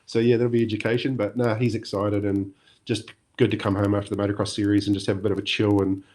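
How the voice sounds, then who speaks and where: Middle-aged New Zealand man, low and even voice, easygoing rambling interview guest. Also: quick pace. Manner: relaxed, rambling, many fillers and restarts. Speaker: podcast guest, former motocross champion. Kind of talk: casual interview chat.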